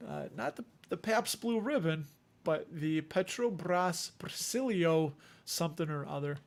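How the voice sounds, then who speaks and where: A man with a Chicago accent and a fairly high voice hosts a casual livestream from home. He rambles and jokes at his own expense as he chats to his viewers. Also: expressive, measured pace, vocal fry. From Chicago area. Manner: rambling, joking, self-deprecating. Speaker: dividend investing livestream host.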